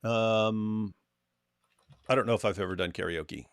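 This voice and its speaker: A man's voice: on the low side, measured pace, gravelly, pauses often, dry recording, studio quality. A man co-hosting a casual livestream, reading viewer comments and joking with his co-host. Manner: animated, reads viewer comments aloud with mocking voices.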